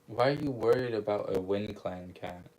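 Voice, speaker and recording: A man voicing a tense young male warrior cat, reading the lines in a low, flat tone close to his own voice. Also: moderate pace, lightly acted, low-quality recording.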